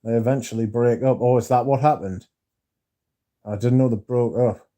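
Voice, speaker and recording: A man's voice: mid-range voice, steady tone, normal speed, mellow. A man hosting a casual livestream, reading viewer comments aloud and swearing freely as he chats. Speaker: livestream host reading chat. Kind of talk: casual livestream chat about perfume.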